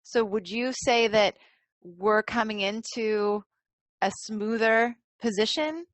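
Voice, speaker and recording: A woman's voice: a little high, takes it slowly, no echo. A woman hosting a casual podcast interview, enthusiastic as she asks her guest questions. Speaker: podcast host.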